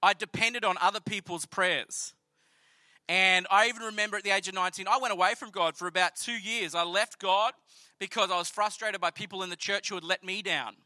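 A man with an Australian accent telling a personal faith story in an earnest, conversational, animated way. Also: high-pitched, brisk, no room sound. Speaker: speaker sharing a personal testimony. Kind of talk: storytelling sermon.

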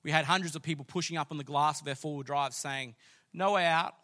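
A man's voice: fairly high pitch, steady tone, fast. A man, preaching a sermon and telling a story with rising passion. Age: late 30s. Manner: storytelling, builds to loud passionate declaring. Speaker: pastor.

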